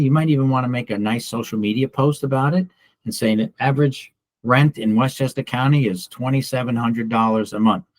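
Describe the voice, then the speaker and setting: A middle-aged man, a real estate broker giving a casual office training talk in a blunt, animated way and acting out the people he quotes. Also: mid-range voice, no echo.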